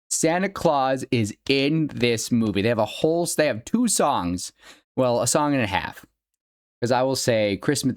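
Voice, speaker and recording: Young man, podcast host, mid-pitched voice, gushing rambling chat, dry close sound. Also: dry recording. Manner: gushing, rambling fan talk with laughs. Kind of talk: casual solo podcast commentary.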